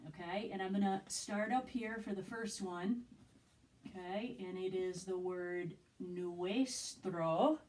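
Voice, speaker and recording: Casting note: female language teacher, mid-pitch voice, patient and explanatory, lots of checking in with the class. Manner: checks in with frequent "okay?" and "right?", lively rises in pitch. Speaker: Spanish teacher. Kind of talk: classroom lesson explaining at a board.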